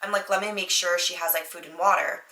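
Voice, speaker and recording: A woman's voice: on the low side, fairly even intonation, fairly quick, bright, forceful tone. A young adult woman hosting a podcast, telling a story in a chatty way with lots of fillers and acted-out quotes. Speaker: podcast host. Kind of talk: casual storytelling monologue. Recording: echoey room.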